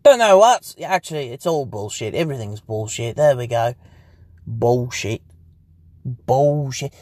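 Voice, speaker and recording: A man's voice: mid-range voice, big pitch swings, brisk, darkish tone, dry recording. A young man rambling and swearing in a casual podcast monologue, recorded sitting inside his parked car. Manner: profane, rambling, laughs often. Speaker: podcast host.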